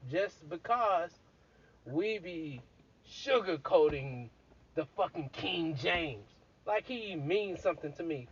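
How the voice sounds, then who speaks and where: Play a somewhat high-voiced, husky man telling a story with blunt, crude, animated energy. The recording is dull and lo-fi, as if captured on a modest setup. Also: takes it slowly. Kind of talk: casual profane storytelling.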